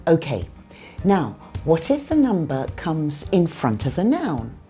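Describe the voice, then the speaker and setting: A woman with a British accent teaching English pronunciation in a scripted lesson, saying numbers clearly and deliberately. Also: deep voice, huge pitch swings, mellow, faint music behind. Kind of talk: scripted lesson with acted skits.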